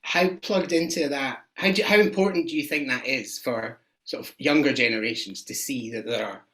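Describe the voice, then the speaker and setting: A man's voice: mid-range voice, lively intonation, a little fast, a bit bright, low-quality recording. A man interviewing a guest, asking questions with many hesitant fillers.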